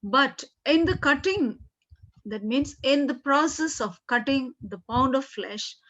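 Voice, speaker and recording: Woman teacher, fairly high voice, slow and patient, dull lo-fi recording. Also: lively intonation, fairly bright tone. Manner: slow explaining, frequent "okay" and throat clearing. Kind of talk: classroom literature lesson.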